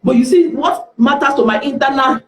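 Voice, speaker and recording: A woman's voice: sits high, a little fast, slight background noise. A woman with a Nigerian accent, a guest speaker telling candid stories on a live stream and acting out the dialogue in them. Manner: lively, acts out dialogue in the stories. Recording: roomy echo.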